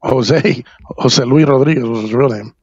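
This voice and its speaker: A man from New Jersey, a podcast guest, candidly recounting a personal story in a halting, rambling way full of fillers and profanity. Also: medium pitch, a little mellow, slightly rough, dull audio.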